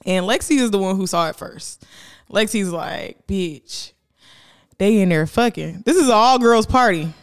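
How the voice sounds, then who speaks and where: Co-hosting a casual, explicit podcast, a young woman tells stories with lots of laughter, animatedly voicing her friends in quotes. Her voice is mid-range and unhurried.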